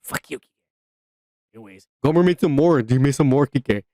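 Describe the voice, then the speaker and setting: A man co-hosting a podcast, talking in loud, profane, excitable banter and teasing his co-host. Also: medium pitch, normal speed, dry recording, clean studio sound. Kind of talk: crude comedic banter.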